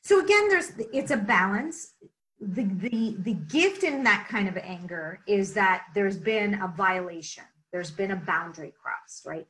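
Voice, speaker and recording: A woman's voice: mid-range voice, measured pace, poor audio. A woman leadership coach answering interview questions, explaining energetically and often checking in with "right?". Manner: energetic, lots of "right?" asides.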